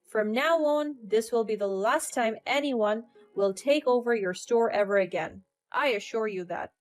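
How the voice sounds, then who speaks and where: A woman's voice: on the high side, unhurried, soft background music, lightly acted. A woman voicing a stern, protective older uncle in a storytelling narration, speaking firmly. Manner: firm, commanding.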